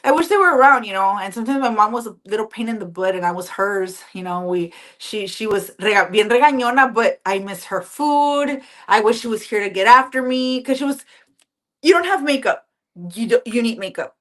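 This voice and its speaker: A woman guest, singer and police officer, chatting casually, animated and full of fillers. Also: a little high, a little fast, few pauses. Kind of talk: casual interview chat.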